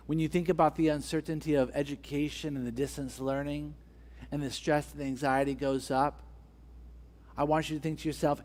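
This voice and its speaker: A somewhat high-voiced man delivers a sermon from the pulpit. He presses his point through repeated rhetorical questions, letting his emphasis build as he goes. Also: little pitch movement, brisk, darkish tone. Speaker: pastor.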